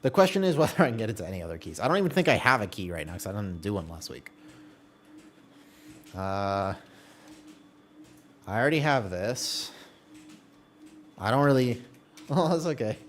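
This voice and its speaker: Animated man chatting on a game stream. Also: on the low side, normal speed, pauses often, a little hiss or hum. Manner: chatty, reads and answers viewer chat while playing; laughs often, trails off mid-sentence. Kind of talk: casual live-stream chat.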